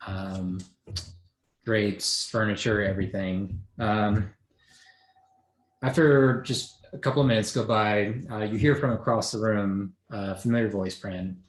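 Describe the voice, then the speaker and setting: A man's voice: on the low side, steady tone, roomy sound. A man running a tabletop game as game master, narrating casually with frequent fillers and restarts. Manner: casual, halting, many fillers.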